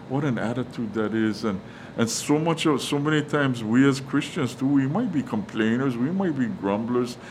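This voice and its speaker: In a low-quality recording with a slight hiss or hum, a man with a mid-range voice preaches on Scripture. He reads Bible verses and casually acts out quotes, with many fillers and restarts.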